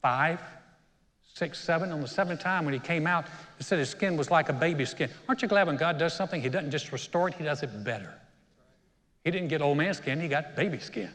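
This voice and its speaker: A man's voice: a little high, fairly bright tone. A man preaching a sermon as senior pastor, telling a story in a conversational way and acting out the quotes. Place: church auditorium. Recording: church hall reverb.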